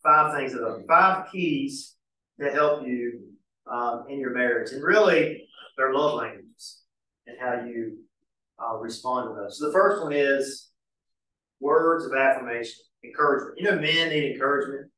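A pastor teaching a marriage class in a casual, folksy way with homespun examples. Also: male voice, medium pitch, moderate pace, bright, forceful tone. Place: church hall. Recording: very echoey church room, mic far off.

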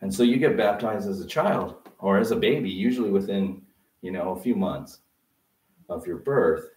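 A male pastor preaching a sermon, often pausing to let the congregation fill in a word. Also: deep voice, animated, a little mellow. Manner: interactive preaching, prompting the congregation to fill in words. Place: church. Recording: roomy sound from a distant mic.

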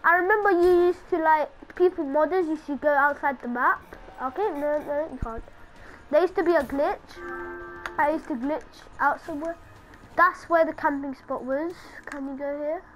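A woman giving casual commentary over her own gameplay, excitable and taunting other players. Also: high-pitched, moderate pace, low-quality recording.

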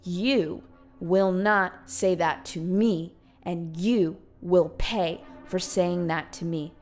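Slow menacing drunk lady, proud and vengeful, as a woman acts her. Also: fairly low pitch, fairly even intonation, faint music behind. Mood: threatening.

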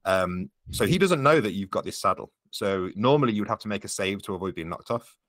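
A man narrates and referees a tabletop game, walking a player through the rules in a low, unhurried voice. He fills pauses with ums as he thinks. The sound is dry and close. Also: animated, fairly bright tone, dry recording. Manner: explains rules patiently, lots of ums. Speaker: game master.

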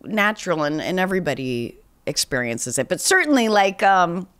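Answering voicemails in a casual podcast chat, the host speaks with a lowish, fairly bright voice at a moderate pace, very animated throughout. A slight nasal quality suggests a cold, and her talk is rambling and self-deprecating, full of restarts and laughter.

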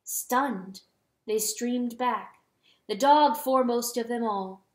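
A woman giving a dramatic reading of a storybook, slowing down on solemn words. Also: a little high, a little mellow. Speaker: audiobook reader. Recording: roomy echo.

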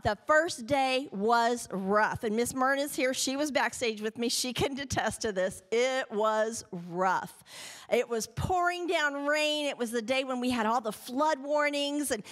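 A middle-aged woman, giving an animated spoken testimony to a church congregation and acting out the voices she quotes. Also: high voice. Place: church sanctuary.

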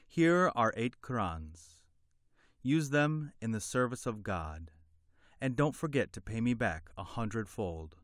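A man's voice: mid-range voice, very animated, slow pace, a bit bright, no echo, studio quality. A man voicing a poor, honest and simple-hearted working man in a storybook reading, earnest and plain-spoken. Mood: trusting.

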